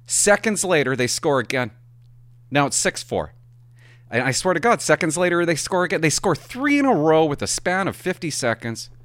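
In a sing-song, slightly bright voice at a moderate pace, a middle-aged hockey parent spins a casual, rambling story, his pitch leaping up and dropping low as he gets carried away. He backtracks and swears for emphasis, and the sound is dry and close with no room echo.

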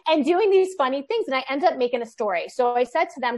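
Mom in her 30s rambling through a story, lots of "like", kinda high voice. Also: fast. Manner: animated storyteller, lots of "like" fillers. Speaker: guest, children's book author. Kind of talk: casual podcast chat.

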